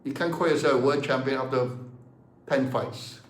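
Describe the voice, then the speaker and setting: A man's voice: mid-range voice, moderate pace, roomy sound. A man in his seventies, a martial arts teacher talking passionately to the camera, emphatic and fond of rhetorical questions. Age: 70s.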